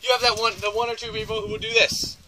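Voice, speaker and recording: A man's voice: high-pitched, level tone, fast talker, noisy background. A man leading a reindeer farm tour outdoors, giving joking, teasing instructions and laughing often. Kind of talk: joking instructional talk to visitors. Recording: outdoor tour with crowd audible. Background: group of visitors.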